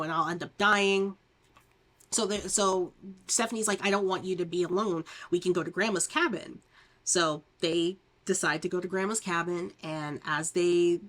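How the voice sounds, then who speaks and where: A woman with a fairly low voice reviews horror movies, recapping a plot in a rambling, chatty style packed with fillers and restarts. She laughs often and acts out the characters' lines.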